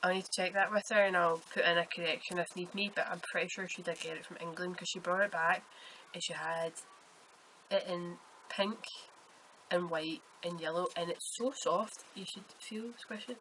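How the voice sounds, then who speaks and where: A woman's voice: on the low side, fairly even intonation, moderate pace, fairly bright tone, slight background noise, poor audio. A woman with a Scottish accent hosting a podcast, chatting casually and telling rambling stories. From Scotland. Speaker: podcast host. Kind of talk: casual chat.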